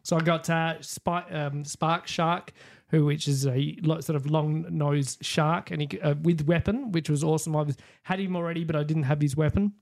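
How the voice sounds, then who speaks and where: An Australian man co-hosting a podcast, telling a story in a casual, animated way and acting out the conversations. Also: a little high, moderate pace, creaky. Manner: animated storyteller, acts out quoted exchanges. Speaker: podcast co-host. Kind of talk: casual chat.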